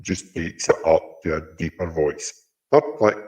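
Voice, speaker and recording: A man speaking through a voice changer that makes his voice deep and slow, drawling as he explains the effect. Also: darkish tone. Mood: explaining. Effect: deep slowed-down voice changer.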